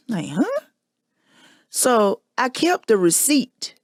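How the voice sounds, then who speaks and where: Woman host, candid confessional monologue, gravelly tone, dry close recording. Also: mid-range voice, lively intonation, normal speed, no echo. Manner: candid, emphatic storytelling. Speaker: podcast host.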